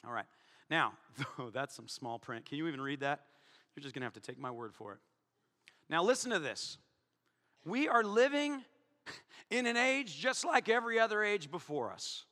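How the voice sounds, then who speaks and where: Pastor, male, animated and joking in the pulpit, bright, lively high voice, long hall reverb. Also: normal speed, long pauses. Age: adult, married. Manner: animated, joking, swings from loud to hushed. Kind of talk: sermon. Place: church hall before a congregation.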